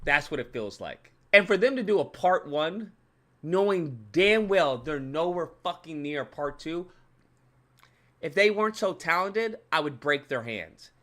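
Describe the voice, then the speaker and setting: A man's voice: fairly high pitch, expressive, a little slow, pushed and bright. A young man hosting his channel, ranting with profane, exasperated commentary and mocking voices. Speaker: channel host.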